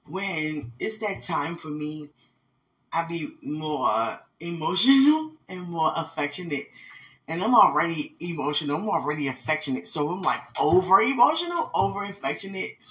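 A woman's voice: deep voice, big pitch swings, normal speed, a bit bright, poor audio. A woman hosting a podcast, talking in a rambling, emotional way and laughing often as she speaks to someone who isn't there. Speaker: podcast host. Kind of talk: casual spoken monologue.

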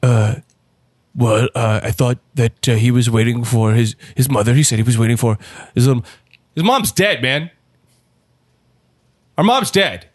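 A man's voice: medium pitch, normal speed, long pauses, dry recording, studio quality, close to an everyday voice. A man voicing a creepy, smug male priest who talks in a fawning, sanctimonious way, in an improvised comedy sketch.

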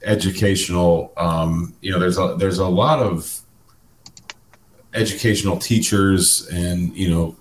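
A man with a very low voice chats with enthusiasm in a casual conversation. His mic picks up a roomy echo. A faint hum of noise sits underneath. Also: fairly even intonation, measured pace. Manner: enthusiastic and playful. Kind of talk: casual chat.

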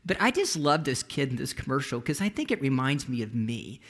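A man's voice: mid-range voice, sing-song, brisk, a bit bright. A man preaching a sermon as pastor, telling stories in a conversational way with frequent restarts.

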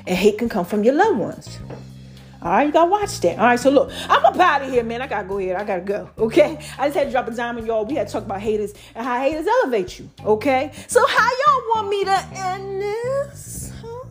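A woman's voice: on the high side, expressive, fast talker, faint music behind. A woman giving a playful, casual motivational talk to her viewers, laughing and acting out little voices. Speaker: vlogger.

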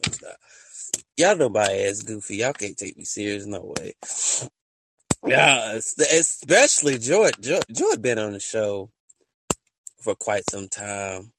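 A man hosting a casual podcast chat, talking to his listeners in a slangy, joking way that swings between loud and soft. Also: mid-range voice, noisy background. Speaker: podcast host. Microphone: voice-message app.

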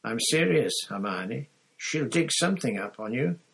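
A man voicing a nervous teenage schoolboy who speaks in a low, worried way, with a husky tone. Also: expressive, a little slow, fairly bright tone, full character voice.

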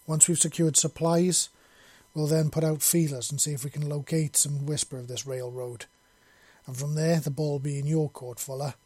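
A man's voice: fairly high pitch, little pitch movement, moderate pace, mellow, no room sound, close to an everyday voice. A man voicing a stern female military commander who gives clipped, commanding orders.

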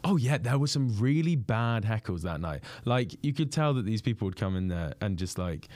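A young man in his twenties, a guest impressionist, telling stories in a casual podcast chat, animated and laughing, full of "like". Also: fairly low pitch, moderate pace, no echo.

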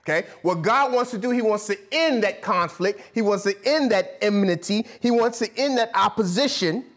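Lively preaching man, fairly high voice. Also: normal speed. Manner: lively preaching with laughs and asides. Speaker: pastor. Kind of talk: sermon.

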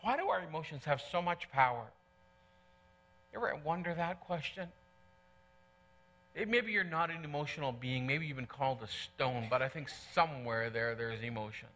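A middle-aged man preaches in a church, his voice pitched high and ringing bright. He talks to the congregation in an earnest, conversational way and repeats key lines for weight. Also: moderate pace. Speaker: pastor. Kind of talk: sermon.

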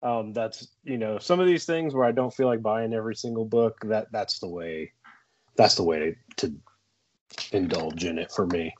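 A man co-hosting a podcast in relaxed casual chat, easygoing and reacting to the others. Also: on the low side, normal speed, muffled recording. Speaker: podcast co-host.

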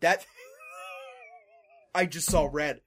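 A man's voice: on the high side, very slow, fairly bright tone. A man co-hosting a casual comedy podcast, bantering with sarcastic, mock-outraged jokes. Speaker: podcast co-host.

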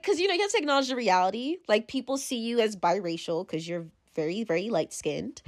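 A woman's voice: mid-range voice, sing-song, normal speed, no room sound, clean studio sound. A young woman talking casually to camera in a rambling monologue, full of fillers, restarts and sudden swings.

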